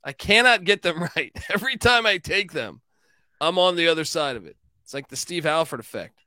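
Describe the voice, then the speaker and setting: A man with a bright, forceful voice, pitched a touch high, running through his betting picks in a loose, joking way. He swears freely and laughs often. The sound is dry and close, with no room around it. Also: lively intonation, fairly quick, dry recording. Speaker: sports betting podcast host. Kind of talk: casual betting picks chat.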